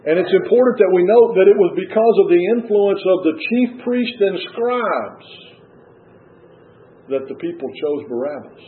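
A man preaching a sermon and reading scripture aloud, earnest, rising to stress key points and dropping low at the ends of phrases. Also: expressive, brisk, few pauses. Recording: tinny phone-like radio broadcast.

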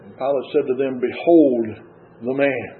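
Over a tinny, phone-like radio broadcast, a man preaches a sermon and reads scripture aloud with earnestness. His tone is steady and his pace moderate, rising to stress key points and dropping low at phrase endings.

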